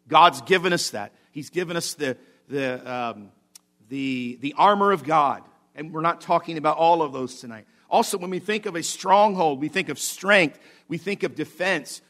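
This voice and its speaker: A man's voice: on the high side, a bit bright. A male pastor preaching a sermon in a church service, repeating key phrases for emphasis, checking in with the congregation, and building to fervent exclamations.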